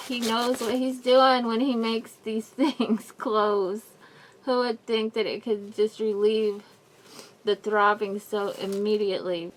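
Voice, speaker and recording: A woman's voice: mid-range voice, fairly bright tone. A woman vlogging a personal update, rambling and apologetic, in pain and near tears. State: in mouth pain, crying at times. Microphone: camera mic, wearing a face mask.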